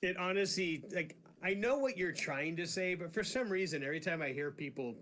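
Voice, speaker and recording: Relaxed, dryly joking man. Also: high voice, fairly quick. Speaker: artist drawing live on stream. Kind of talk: casual chat.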